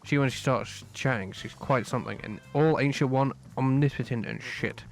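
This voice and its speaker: Crude, mocking orderly in a game, read by a man; ordinary pitch, soft music under. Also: moderate pace, natural voice. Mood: brash, mocking. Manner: brash, sarcastic, crude. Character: brash foul-mouthed asylum orderly. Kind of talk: reading game dialogue aloud.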